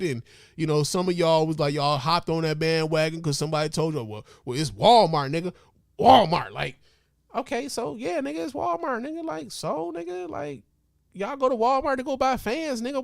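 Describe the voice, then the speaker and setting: A man hosting a comedic podcast, ranting in a profane, mock-outraged way that swings from loud outbursts to low mutters and chuckles, speaking into a podcast microphone. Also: vocal fry, no room sound, studio quality. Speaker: podcast host.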